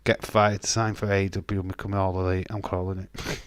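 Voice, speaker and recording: Low and level, this man's clean-toned voice runs at normal speed in a dry recording. Hosting a live stream, the Castleford, Yorkshire man speaks with a Yorkshire accent, casually and bluntly, swearing freely and restarting sentences. He's reading viewer comments during a casual watch-along.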